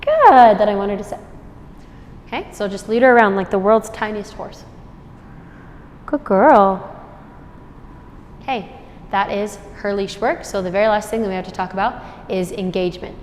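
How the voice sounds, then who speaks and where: In an indoor store that echoes like a large hall, a female trainer walks through her steps with a puppy. Her tone stays steady and her pace fairly quick, and she breaks into high, cheerful praise for the dog between explanations.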